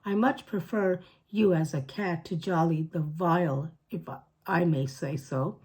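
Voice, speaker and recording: A fussy spider lady with a squeaky, indignant, proper way of speaking, as a woman reading a storybook puts her on. Her high squeak still carries a slightly husky edge. She sounds like she is scolding from a storybook page. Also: measured pace, darkish tone. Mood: prim. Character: fussy, prim female attic spider.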